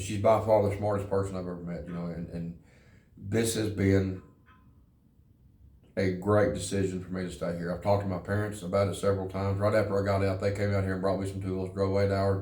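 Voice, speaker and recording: Low, flat male voice, halting earnest testimony, echoey room. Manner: halting and earnest, repeats words. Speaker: interviewee, former prisoner in a recovery program. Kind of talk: personal testimony.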